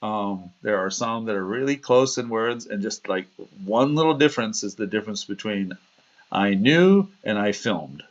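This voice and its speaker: A man with a fairly low voice hosts a casual livestream, rambling from anecdote to anecdote. He laughs at himself and slips into quoted voices as he tells stories. The sound is dull and lo-fi, like compressed stream audio. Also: lively intonation, moderate pace. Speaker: livestream host.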